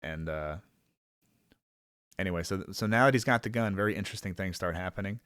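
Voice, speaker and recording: A man's voice: sits low, brisk, fairly bright tone, no room sound, studio quality. A man giving a rambling, casual film review, full of fillers and swearing, sometimes acting out characters in a raised voice.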